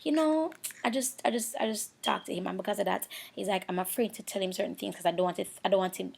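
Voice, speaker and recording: A woman's voice: on the low side, creaky, husky. A woman with a Jamaican accent talking through a makeup voice-over, candid and rambling, sometimes close to tears. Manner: candid, rambling, emotional and self-searching. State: near tears at times. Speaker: beauty vlogger. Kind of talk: confessional voice-over chat.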